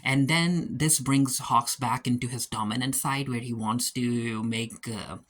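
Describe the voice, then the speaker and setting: A man's voice: mid-range voice, a little slow, a bit bright. Chatty man recapping a TV episode. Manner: chatty, with frequent "like" and false starts. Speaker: TV episode reviewer. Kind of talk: casual spoken recap.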